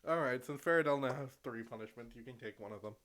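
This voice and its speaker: A man's voice: mid-range voice, fast talker, a bit bright. A man narrating as game master in a casual, swearing, laughing style.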